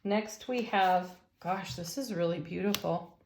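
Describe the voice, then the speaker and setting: A woman giving a daily tarot reading, gentle and enthusiastic, with affirming words for her viewers. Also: lowish voice, measured pace, slight background noise. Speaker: tarot reader. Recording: roomy echo.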